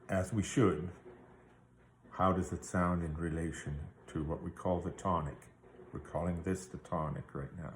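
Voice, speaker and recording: A man's voice: low voice, reverberant, slight background noise. A man teaching a guitar theory lesson, explaining patiently step by step and checking in with the listener. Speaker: music teacher.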